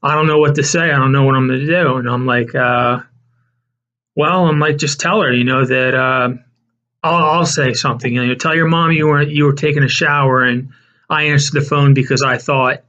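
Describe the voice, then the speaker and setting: A man's voice: mid-range voice, fairly even intonation, normal speed, pushed and bright. A man telling a personal story in a loose, rambling way, full of fillers and restarts. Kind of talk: casual spoken storytelling. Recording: dull lo-fi recording.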